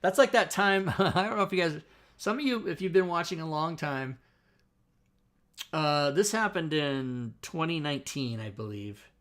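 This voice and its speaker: A man hosting a casual livestream, telling a story in an animated, profane way with frequent laughter. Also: on the high side, moderate pace. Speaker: host.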